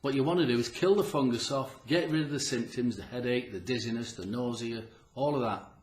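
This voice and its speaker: A man's voice: medium pitch, a little fast, a little mellow. A man speaks straight to the listener in an earnest, persuasive way, piling up rhetorical questions. He often stumbles and restarts his sentences. His voice rings around a roomy, echoey space. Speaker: health channel host. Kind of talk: casual direct-to-camera talk.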